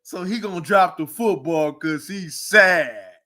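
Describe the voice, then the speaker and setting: A man, ranting casually about football, animated and mocking, often breaking into laughs and loud outbursts. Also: sits high, measured pace. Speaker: sports commentator. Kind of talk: casual sports rant. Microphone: streaming mic.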